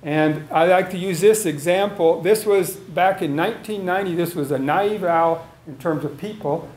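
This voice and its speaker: Man, biologist lecturing a live audience in a casual storytelling way, voice pitched a bit high, roomy echo. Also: moderate pace, a little mellow. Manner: conversational, tells field stories and asks the audience questions. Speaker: wildlife biologist giving a lecture. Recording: echoey room sound.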